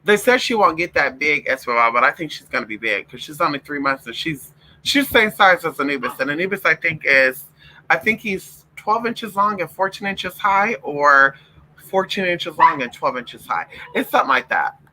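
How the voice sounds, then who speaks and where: A man with a very bright, sharp-edged voice that sits a little high for a man. He talks to his viewers in a loose, profane late-night vlog chat, calling them honey and y'all. He also coos at and scolds his puppies in a playful pet-talk voice. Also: animated, moderate pace, slight background noise, poor audio. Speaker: vlogger.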